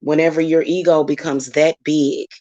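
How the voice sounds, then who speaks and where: Low voiced woman going off on a heated cussing rant, no room echo at all. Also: flat delivery, moderate pace, mellow, muffled recording. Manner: heated, profane, confrontational. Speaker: spiritual reader and channel host. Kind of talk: angry vlog rant.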